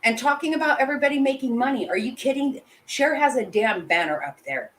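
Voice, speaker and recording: A woman's voice: high voice, expressive, fairly quick, fairly bright tone, rough recording. A woman hosting a live commentary and answering her chat, blunt and heated, swearing often and restarting sentences. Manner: emotional, with frequent restarts. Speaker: channel host.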